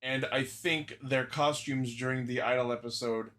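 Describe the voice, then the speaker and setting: A man co-hosting a casual fan podcast, laying out his points methodically and deliberately. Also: medium pitch, fairly even intonation, fairly bright tone. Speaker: podcast co-host.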